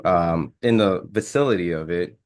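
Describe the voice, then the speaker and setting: Low-voiced man asking rambling questions. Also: normal speed. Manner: rambling, hesitant questions full of "um". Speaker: interviewer. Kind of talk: casual interview questions.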